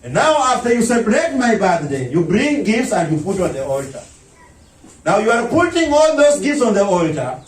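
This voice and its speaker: A man preaching a sermon as a pastor, breaking into shouts and mocking impressions of others. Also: sits high, big pitch swings, moderate pace. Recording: echoey room, mic at a distance.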